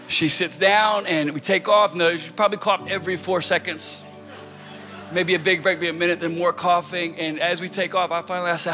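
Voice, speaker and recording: A man preaching a sermon as a pastor, telling stories casually, then building to loud, fervent prayer. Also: fairly high pitch, fairly even intonation, moderate pace. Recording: music and long hall reverb.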